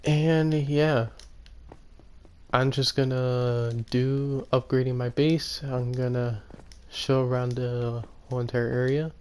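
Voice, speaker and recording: A man casually commenting on his own gameplay, rambling and correcting himself, often speaking quietly. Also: mid-range voice, fairly even intonation, slow pace, clean tone. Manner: rambling, self-correcting, soft-spoken. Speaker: gaming YouTuber.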